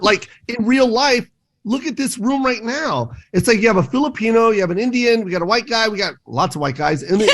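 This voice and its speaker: High-voiced animated man. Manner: animated, emphatic storytelling. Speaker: comedian guest. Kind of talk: casual radio interview chat.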